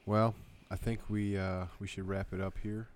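A man in his thirties co-hosting a casual podcast, relaxed, giving short replies and laughing along. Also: fairly low pitch, moderate pace, a little hiss or hum. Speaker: podcast co-host. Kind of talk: casual chat.

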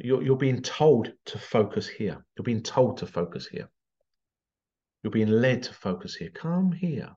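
A man's voice: medium pitch, dark tone, highs cut off. A man talking casually to camera in a rambling way, full of sarcastic rhetorical questions. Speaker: vlogger.

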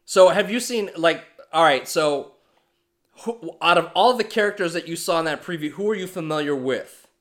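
A man co-hosting a casual podcast, telling stories in an animated, heavily profane way. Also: a little high, normal speed. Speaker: podcast co-host.

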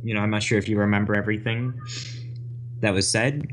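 A man co-hosting a prank call show, chatting casually and stumbling deliberately through a call. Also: lowish voice, steady tone, a little hiss or hum, low-quality recording. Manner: laid-back, hesitant with fillers in the call.

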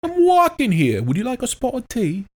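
A man putting on a high falsetto impression of a woman who mixes British and New York. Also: steady tone, normal speed, pushed and bright. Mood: teasing.

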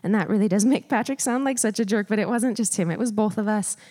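A woman's voice: mid-range voice, quick pace, dark tone. Woman telling a personal testimony, long reverb. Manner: storytelling, conversational with frequent "like" and "um". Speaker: guest speaker.

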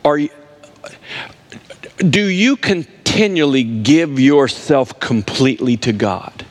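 A man's voice: mid-range voice, animated, slow pace. A man preaching a sermon, emphatic and repeating words for stress while he talks straight to his listeners.

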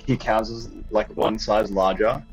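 Brief: tabletop player, husky low voice, halting delivery. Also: male voice, steady tone, soft background music, poor audio. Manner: hesitant, many fillers. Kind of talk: tabletop role-play.

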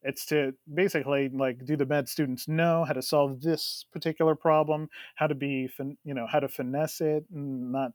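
A young man co-hosting a podcast, telling stories in an animated, laughing way. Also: a little high, moderate pace, few pauses, no echo, clean studio sound. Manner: animated, storytelling with frequent laughs. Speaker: podcast co-host. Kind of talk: casual chat.

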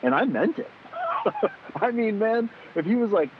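A man in casual conversation, animated and swearing freely, acting out quoted exchanges as he tells stories. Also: high-pitched, normal speed, pauses often. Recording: tinny phone-like sound with faint hiss.

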